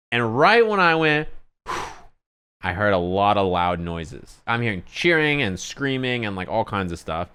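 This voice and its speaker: A male streamer tells a story in a casual, animated way, cursing freely and checking in with his listeners. His voice is low and smooth, with a clean, resonant tone. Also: unhurried. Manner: animated, profane, conversational storytelling. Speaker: streamer and commentator.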